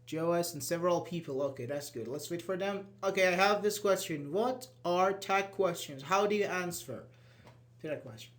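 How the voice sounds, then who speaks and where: In a live online grammar class, a male English teacher whose mother tongue is Persian explains material step by step and checks in with the students. He has a high-pitched voice and a moderate pace.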